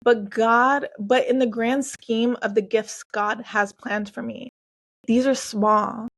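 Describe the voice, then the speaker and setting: A woman's voice: fairly high pitch, steady tone, slow pace. A woman in her forties hosting a heartfelt solo podcast, earnest and emotional, talking to listeners with lots of "like" and "y'all". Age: 40s. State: tearful at times. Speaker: podcast host and coach.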